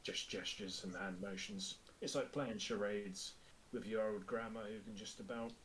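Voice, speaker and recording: A man's voice: lowish voice, steady tone, moderate pace, a bit bright, slight background noise, poor audio. A man playing a tabletop role-playing game, casually describing his character's actions. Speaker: player.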